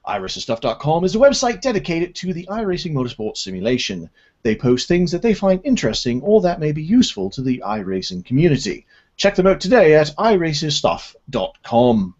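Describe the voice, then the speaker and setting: A man's voice: fairly high pitch, big pitch swings, fairly quick, a little mellow, voice pushed up. A man putting on a British-accented ad announcer. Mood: announcing. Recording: dull lo-fi audio.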